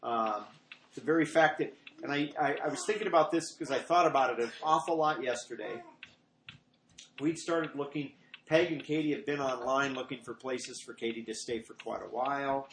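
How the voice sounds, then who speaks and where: A man's voice: mid-range voice, moderate pace, fairly bright tone. Man preaching casually in an echoey room. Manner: conversational, rambling, acts out quoted lines in a raised voice. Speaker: pastor. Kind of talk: informal sermon with personal stories. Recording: echoey room with faint noise.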